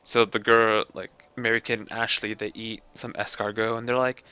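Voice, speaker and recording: A man's voice: lowish voice, flat delivery, moderate pace, pushed and bright, smooth, no echo. A young man chatting casually on a stream, rambling with amusement and filling his talk with "like" and restarts. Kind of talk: casual chat.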